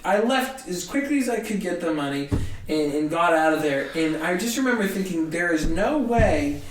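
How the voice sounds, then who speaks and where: A young man, a guest comedian, telling a story in a casual, animated way and acting out the people in it. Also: a little high, moderate pace, distant mic. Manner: animated, acts out other people's voices. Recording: roomy echo, a bit off-mic, faint hiss.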